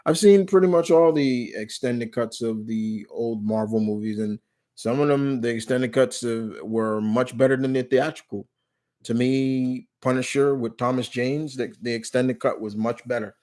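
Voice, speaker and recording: A man's voice: medium pitch, moderate pace, a little mellow. A man hosting a live stream Q&A in casual chat, rambling and often restarting or correcting himself mid-sentence. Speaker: live stream host answering viewer questions.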